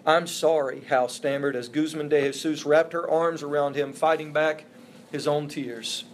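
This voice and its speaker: A man's voice: fairly high pitch, steady tone, normal speed, a little hiss or hum. A man preaching a sermon as a pastor, earnest and emphatic, with repeated phrases for stress. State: emotional, voice breaking.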